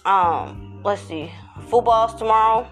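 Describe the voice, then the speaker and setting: A woman's voice: on the high side, slow, faint music behind. Hyped woman podcast host chatting casually. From Texas. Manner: hyped, sing-song chanting, slangy. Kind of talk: casual morning chat.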